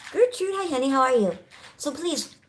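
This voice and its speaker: A woman's voice: high-pitched, big pitch swings, moderate pace, slight background noise. A middle-aged woman from California hosting a casual home livestream, bubbly and chatty, greeting viewers by name and laughing often. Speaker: livestream host. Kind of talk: casual live chat.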